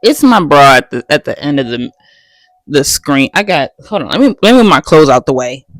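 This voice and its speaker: A woman vlogger talking casually and bluntly, swearing freely, reacting out loud and tripping over her words. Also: low-pitched, big pitch swings, brisk, faint music behind. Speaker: vlogger reviewing products. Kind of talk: casual, unscripted review chat. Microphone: phone.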